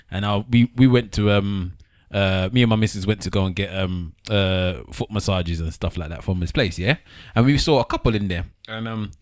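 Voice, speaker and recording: A man, a podcast co-host telling an animated story in casual chat. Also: fairly low pitch, no echo, studio quality. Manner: animated storyteller, acts out quoted voices.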